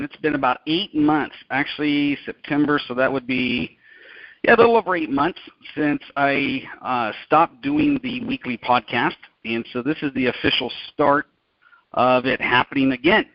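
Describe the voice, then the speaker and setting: Deliberate middle-aged male business host. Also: medium pitch, no room sound, muffled recording. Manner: slow, deliberate, repeats details carefully. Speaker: business consultant and podcast host. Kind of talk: live group call presentation.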